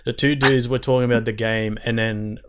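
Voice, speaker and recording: A man at a middle, ordinary pitch, co-hosting a casual gaming podcast. He rambles through his points with plenty of "um" and "like", chatting loosely. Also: steady tone, fairly quick, a bit bright, smooth. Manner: rambling, filler-heavy storytelling. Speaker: podcast co-host.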